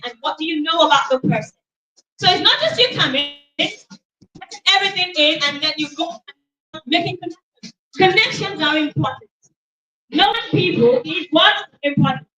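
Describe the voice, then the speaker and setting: A woman hosting a conference event, giving a lively motivational talk and calling out questions for the audience to answer. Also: very high-pitched, distant mic. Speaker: event host. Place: conference auditorium. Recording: echoey hall, from off the mic.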